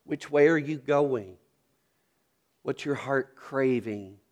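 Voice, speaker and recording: A man's voice: mid-range voice, slow pace, darkish tone. A middle-aged man from North Carolina, a pastor preaching a sermon with storytelling and earnest questions.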